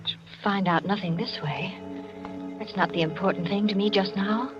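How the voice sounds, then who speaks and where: An actress playing a wealthy hostess who gives firm, clipped commands in 1940s radio drama acting. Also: female voice, medium pitch, normal speed, music in the background, lightly acted. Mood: stern. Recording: muffled lo-fi old radio broadcast.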